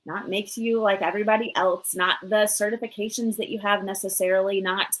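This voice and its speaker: A woman in her forties hosting a live motivational talk show, energetic and chatty, full of "like" and "you know". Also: mid-range voice, a little fast, poor audio. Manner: energetic, chatty, many fillers. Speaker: host and coach.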